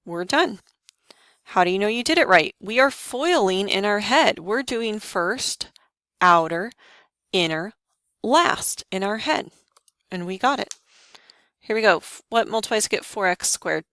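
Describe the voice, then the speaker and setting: A woman's voice: medium pitch, animated, a bit bright, clean tone, no echo. Woman teaching math, dry close sound. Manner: talks students through each step with quick questions. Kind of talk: lesson walkthrough.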